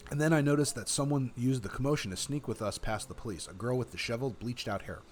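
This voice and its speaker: A man streaming a text game, reading its narration aloud with relaxed, chatty asides. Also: medium pitch, quick pace, slight background noise.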